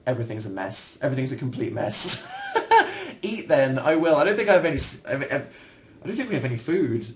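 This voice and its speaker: A young Englishman chatting loosely into his computer at home, replying to viewers. His delivery wanders and turns on himself with dry, self-mocking humor. His pitch sits right in the middle for a man. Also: wildly swooping pitch, fairly quick, a little hiss or hum. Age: young adult. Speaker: livestream host. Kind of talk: casual livestream chat answering viewers.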